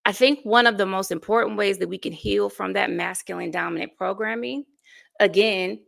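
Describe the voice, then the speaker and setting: Gravelly-voiced woman in her forties. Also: medium pitch, normal speed, fairly bright tone. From United States. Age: 40s. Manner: earnest, storytelling, laughs between thoughts. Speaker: life coach, guest. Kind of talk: casual interview conversation.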